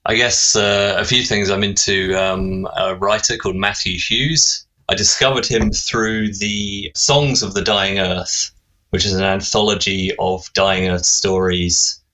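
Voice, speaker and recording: A man's voice: deep voice, fairly even intonation, measured pace, pushed and bright, low-quality recording. A man appearing as a game designer guest on a podcast, easygoing, with short agreeing replies. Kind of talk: casual interview chat.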